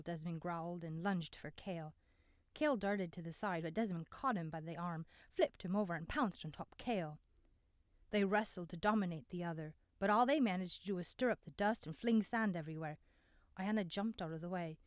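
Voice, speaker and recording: A woman narrating a novel in an even, measured reading voice, close to the mic. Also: on the low side, dry recording. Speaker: audiobook narrator. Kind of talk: scripted narration.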